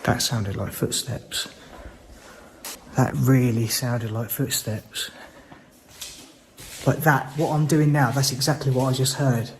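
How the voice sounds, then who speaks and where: A young man vlogging alone through a stripped, empty building, who swears when scared and breaks into panicked shouts. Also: mid-range voice, steady tone, slow pace, long pauses, slight background noise. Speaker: ghost-hunting vlogger. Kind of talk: first-person exploration vlog.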